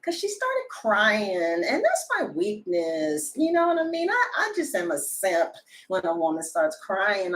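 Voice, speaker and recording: A woman tarot reader telling a story to her viewers in a chatty, animated way, full of fillers and sudden loud high exclamations. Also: moderate pace. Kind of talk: casual storytelling chat to live viewers.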